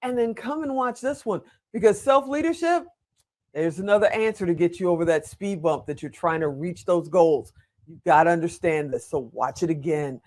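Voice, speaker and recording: A woman's voice: fairly low pitch, moderate pace, darkish tone. An older woman hosting an interview show, gushing over her guest and speaking frankly about herself. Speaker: host. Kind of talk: enthusiastic interview host chat.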